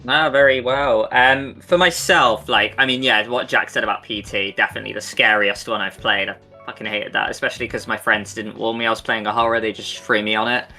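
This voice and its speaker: A man's voice: on the low side, steady tone, fairly quick, hardly any pauses, pushed and bright, soft background music. A man co-hosting a podcast, chatty and enthusiastic, with casual swearing. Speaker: podcast co-host. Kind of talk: casual Q&A chat.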